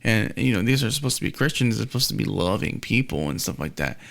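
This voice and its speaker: A male podcast host in loose conversation, his voice carrying a gravelly rasp. He rambles through a personal story, slipping into the voices of the people he quotes. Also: on the low side, sing-song, fast talker, fairly bright tone. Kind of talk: casual conversation.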